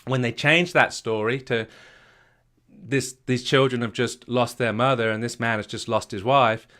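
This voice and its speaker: A man's voice: medium pitch, steady tone, moderate pace, bright, forceful tone. A man giving a motivational talk as a marriage coach, emphatic and repetitive, firing questions at the listener.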